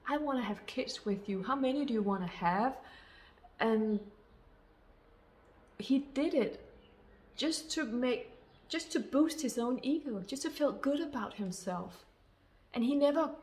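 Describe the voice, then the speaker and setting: A woman's voice: on the high side, a little mellow. A woman speaking as a love coach, giving an earnest spoken monologue of advice to women. She talks emphatically, repeating her phrases and calling her listeners sisters.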